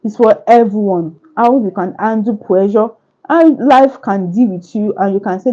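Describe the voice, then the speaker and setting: A woman's voice: medium pitch, normal speed, mellow, muffled recording. A woman author answering questions at a book launch, speaking earnestly with repetitive, preacher-like phrasing.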